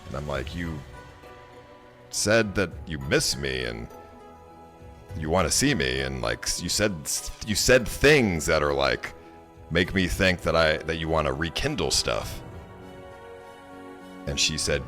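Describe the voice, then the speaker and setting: A man with a very deep, low voice rambles through a story to his stream, exasperated and stopping to restart his sentences. Loud music plays clearly behind him. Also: expressive, measured pace, pauses often. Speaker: livestreamer. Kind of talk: casual storytelling to chat.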